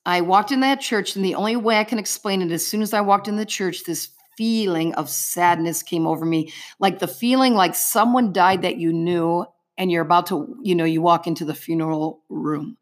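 A woman's voice: on the low side, moderate pace, hardly any pauses. A middle-aged woman giving an earnest personal faith testimony as an interview guest, telling her story vividly in the present tense.

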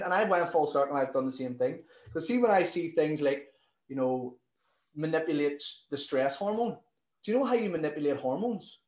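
A man, a nutrition coach telling stories in a casual interview, animated and swearing freely. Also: on the high side, a little fast, reverberant, low-quality recording.

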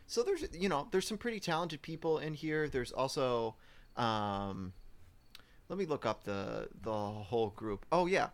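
Man, podcast co-host, gravelly fry, halting delivery with lots of ums. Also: mid-range voice, big pitch swings. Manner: hesitant, many ums, looks things up. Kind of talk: casual film review chat.

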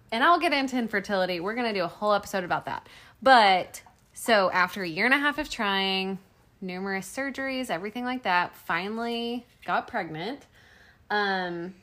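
This is a woman co-hosting a casual podcast chat. She speaks in a slightly low voice. She is easygoing and explains things plainly. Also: pushed and bright. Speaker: podcast co-host.

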